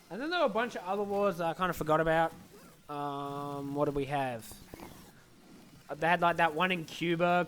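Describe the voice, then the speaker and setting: A man's voice: fairly high pitch, fairly quick, a bit bright, a little hiss or hum, low-quality recording. A young man giving a goofy, scatterbrained comedic monologue into a desk microphone, acting out silly voices. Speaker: comedic history narrator.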